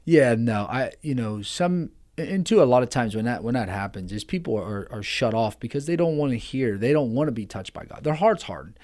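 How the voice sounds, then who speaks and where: A man's voice: medium pitch, animated, fairly quick, hardly any pauses, a little mellow. A man hosting a faith podcast, speaking in an earnest, preachy way while chatting. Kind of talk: casual faith podcast chat.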